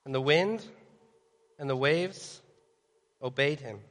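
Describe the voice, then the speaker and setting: A man preaching a sermon, animated, acting out voices and asking his audience direct questions. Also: medium pitch, slow. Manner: animated, acts out voices of worried people and Jesus. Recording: long reverb of a large hall.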